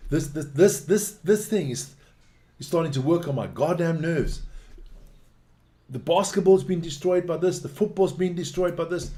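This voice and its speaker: A man giving casual live rugby commentary, excitable and blunt, swearing at the referees. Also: high voice, normal speed. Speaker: watch-along rugby commentator.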